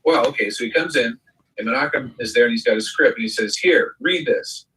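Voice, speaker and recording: A man's voice: medium pitch, fast, fairly bright tone. A middle-aged man co-hosting a chat show, telling rambling anecdotes and mimicking the people he quotes. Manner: rambling storyteller who mimics voices in quotes. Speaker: co-host. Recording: voice a bit far from the mic.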